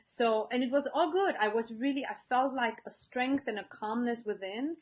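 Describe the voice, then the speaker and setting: A woman's voice: a little high, moderate pace. A woman life coach giving an earnest live-stream talk, speaking straight to her viewers and reading out their comments. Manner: earnest, warm-hearted, speaks to viewers directly.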